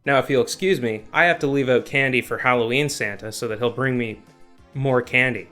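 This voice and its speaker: A man hosting a comedic movie review, narrating with sarcastic remarks and deadpan asides. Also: mid-range voice, brisk. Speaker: comedy video host. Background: faint music.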